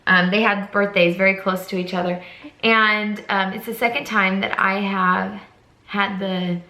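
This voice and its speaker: A woman's voice: medium pitch, fairly even intonation, measured pace, sharp tone, rough recording. A young woman chatting casually to her phone camera at home, rambling and self-deprecating. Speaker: vlogger and foster mom. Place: home, indoors.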